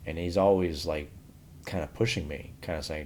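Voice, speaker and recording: A man's voice: deep voice, normal speed, a little mellow, slight background noise. A man giving a blunt, opinionated solo monologue to camera as a vlogger, rambling and restarting his sentences as he goes.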